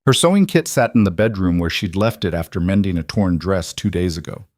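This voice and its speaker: A man giving scripted storybook narration of a western tale, dramatic and measured, in a dry, close recording. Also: low voice, darkish tone, dry recording.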